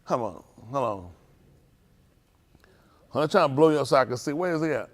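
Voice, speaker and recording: A man's voice: medium pitch, animated, normal speed. A man leading a youth group at a congregation, bantering and teasing the young people before opening a Bible lesson. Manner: playful, teasing, banters with the audience.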